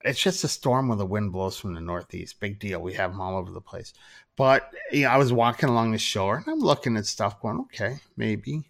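A man's voice: fairly low pitch, animated, fairly quick, creaky. A man from Minnesota, a photographer, talking as a podcast guest with dry, self-deprecating humor. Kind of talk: casual interview chat.

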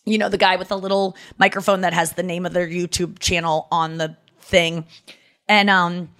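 A woman hosting a podcast, telling a story in a chatty, animated way, full of "like" fillers and wry self-mockery. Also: lowish voice, normal speed, clean tone. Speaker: podcast host. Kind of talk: casual comedic storytelling.

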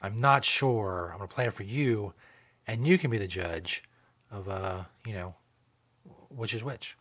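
A man hosts a casual online radio show in a fairly low voice. He rambles loosely and swears freely. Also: measured pace, a bit bright. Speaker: show host. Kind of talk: casual podcast radio talk.

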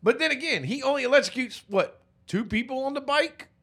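A man's voice: very high voice, expressive, fairly quick, sharp tone, husky. A man in casual chat, recapping a movie with a friend, profane and joking as he retells it.

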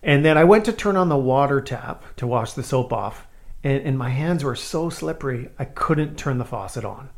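A man from Saskatchewan, Canada, telling a childhood story on a podcast, self-mocking and animated. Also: medium pitch, normal speed. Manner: animated, self-mocking, acts out scenes in loud voices. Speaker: podcast host. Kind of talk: casual storytelling.

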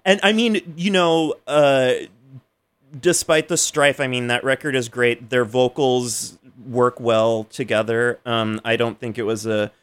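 A man co-hosts a radio show and talks about old records. He rambles in a relaxed way and fills his pauses with ums and likes. His voice sits at an ordinary, middle pitch. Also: smooth. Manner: laid-back, rambling with many fillers. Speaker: radio co-host. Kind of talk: casual music chat.

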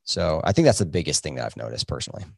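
A man's voice: extremely low pitch, very animated, rapid-fire, creaky, slightly rough, no room sound, clean studio sound. A man, a physician, answering podcast interview questions in an earnest, reflective way with many fillers. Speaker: physician and coaching program founder.

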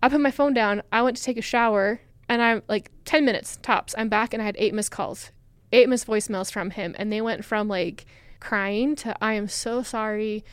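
A woman's voice: a little high, moderate pace, clean tone, no echo. A young adult woman, a podcast guest, telling a personal story in a chatty way with lots of "like" fillers. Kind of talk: casual storytelling.

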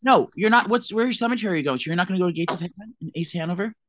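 Low-voiced woman, joking. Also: racing, slight background noise. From New Jersey. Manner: joking, rambling, lots of fillers. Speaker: podcast co-host. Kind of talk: casual chat.

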